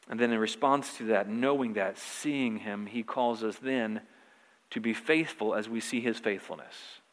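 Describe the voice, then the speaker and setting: A man's voice: medium pitch, a bit bright. A man preaching a conversational sermon, repeating phrases for emphasis. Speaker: pastor. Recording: reverberant hall.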